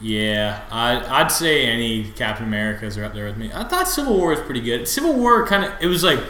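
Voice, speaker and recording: Brash young man swearing in a bright, roomy voice. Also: mid-range voice, brisk, slight background noise. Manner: profane, animated, laughs a lot. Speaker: podcast co-host. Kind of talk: casual chat.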